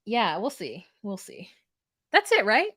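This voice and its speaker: A woman's voice: mid-range voice, huge pitch swings, a little slow, a bit bright, slightly rough, no echo. A woman co-hosting a podcast in casual chat, laughing often and rambling through her thoughts with many restarts. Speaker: podcast co-host. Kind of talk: casual chat recapping a reality show.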